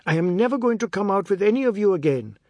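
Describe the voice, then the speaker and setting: A man narrator voicing a sulky, furious young boy who shrieks his lines in a high voice. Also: lively intonation, measured pace, darkish tone, breathy edge, dry recording, heavily acted. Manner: high, shrill and screaming.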